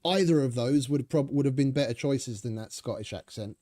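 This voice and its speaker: A man's voice: medium pitch, a little fast, mellow. A young man giving rambling, sarcastic, swearing commentary over his gameplay. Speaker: gaming channel host.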